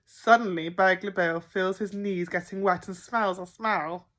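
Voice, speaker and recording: Expressive woman reading aloud. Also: mid-range voice, a little slow. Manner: expressive, with gasps and playful emphasis. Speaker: primary school teacher. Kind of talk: reading a picture book aloud to children.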